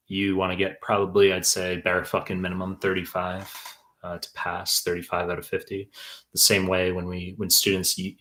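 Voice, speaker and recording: Young man, very low flat voice, bright edge, blunt and profane, rambling exam tutor on a live Q&A. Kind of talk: live stream Q&A, reading chat questions.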